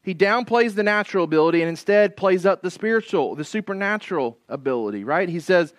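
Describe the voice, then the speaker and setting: Male pastor, fairly high voice, dry close sound, casual emphatic preaching, keeps checking in with "right?". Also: expressive, fast, dry recording. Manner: conversational preaching with frequent "right?" and "like"; emphatic, repeats key phrases for effect. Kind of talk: expository sermon.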